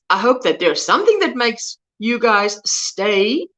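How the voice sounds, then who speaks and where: High, lively woman. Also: takes it slowly. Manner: warmly greets viewers by name, reading the chat aloud. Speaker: crochet livestream host. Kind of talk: casual livestream chat.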